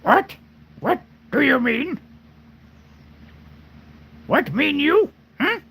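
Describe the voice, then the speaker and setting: A man's voice: very high-pitched, big pitch swings, extremely slow, fairly bright tone, pitched above the performer's own voice, full character voice. A man impersonating Yoda, an ancient, tiny, cryptic alien master who speaks in backwards phrasing. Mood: puzzled, wise. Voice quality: gravelly, croaky, backwards phrasing.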